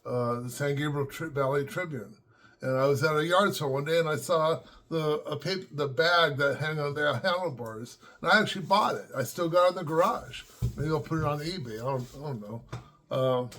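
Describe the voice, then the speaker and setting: With a medium-pitched, fairly bright voice, an older man from around Los Angeles rambles casually through memories on his vlog, using lots of fillers and restarts. He's at home with his dogs.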